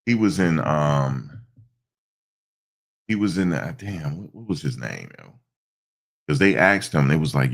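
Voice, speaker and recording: A man's voice: extremely low pitch, expressive, measured pace, vocal fry, pauses often, husky. A stuffed-up man hosting a casual live stream, rambling through stories with lots of fillers. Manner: rambling storytelling with many fillers.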